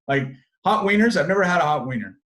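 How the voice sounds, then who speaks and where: Chatty young man, lively and rambling. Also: fairly high pitch, quick pace, low-quality recording. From Massachusetts. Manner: animated, many fillers and restarts. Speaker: sports reporter, guest. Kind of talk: casual interview chat.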